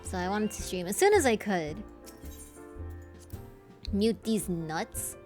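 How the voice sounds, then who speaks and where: A woman's voice: mid-range voice, animated, takes it slowly, darkish tone, soft background music. A woman streaming live and chatting casually with her viewers. She laughs often and swears casually.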